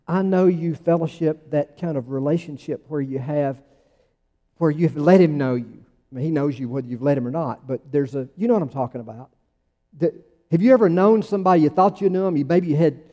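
A man's voice: on the high side, warm tone. A man preaching a sermon in a conversational, emphatic way, with sudden rising bursts. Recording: long church reverb.

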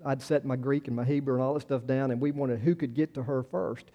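A man's voice: medium pitch, fairly even intonation, brisk, highs cut off. A man in his sixties preaching a sermon in a folksy, conversational way, repeating words and telling personal stories. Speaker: pastor.

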